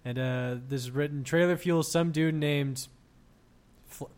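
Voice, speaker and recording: A man's voice: on the high side, steady tone, a little slow, darkish tone. A man co-hosting a casual chat show, reading out news items with blunt, sarcastic, swearing remarks. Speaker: podcast co-host reading news.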